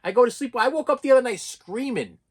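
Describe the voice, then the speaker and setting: A man's voice: extremely high pitch, lively intonation, fast talker, slightly rough. A man in his fifties giving a raw, emotional personal rant to camera, full of stammering restarts and repeated phrases. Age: 50s. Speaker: vlogger.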